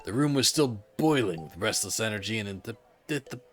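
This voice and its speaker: Brief: male streamer narrating a game, low voice with very lively pitch. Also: a little fast, faint music behind. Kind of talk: reading a story game aloud on stream.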